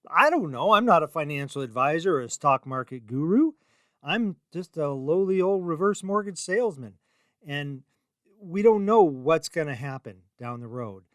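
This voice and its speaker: A man's voice: a little high, lively intonation, moderate pace, fairly bright tone, no echo, clean studio sound. A middle-aged man hosting his own radio show, talking in a chatty, rambling, self-deprecating way with emphatic rises. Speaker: radio show host and reverse mortgage salesman. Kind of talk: casual talk radio monologue.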